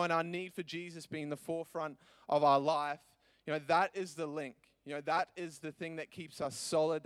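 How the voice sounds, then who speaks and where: A young man preaching as a youth pastor, earnest and animated, with many restarts and fillers. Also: on the high side, clean tone, dry recording. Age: young adult. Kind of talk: sermon.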